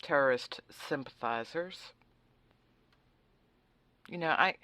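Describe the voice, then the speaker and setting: A woman's voice: very deep voice, measured pace, long pauses, fairly bright tone, no echo. Sarcastic woman talk radio host, dry sound. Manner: sarcastic, facetious; opinionated, conversational. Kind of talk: political talk radio monologue.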